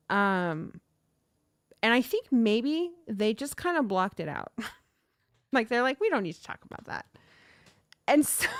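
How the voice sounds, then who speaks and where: A woman's voice: fairly high pitch, no room sound. Chatty woman livestream host in her thirties, dry close mic. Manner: chatty, animated, reads chat aloud. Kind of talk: casual livestream storytelling.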